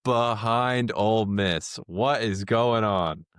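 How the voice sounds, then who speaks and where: A man with a lowish voice counts down football rankings in short, plain lines on a casual podcast. He keeps each announcement brief before passing the talk to his co-host. The recording is dry and close. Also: slow pace, fairly bright tone, smooth, no room sound. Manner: reads out rankings briefly, then hands over.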